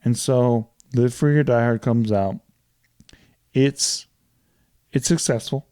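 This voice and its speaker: Profane, animated man with a dark tone. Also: medium pitch, takes it slowly, no room sound, studio quality. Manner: profane, animated retelling of movie plots. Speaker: podcast co-host. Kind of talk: casual storytelling chat.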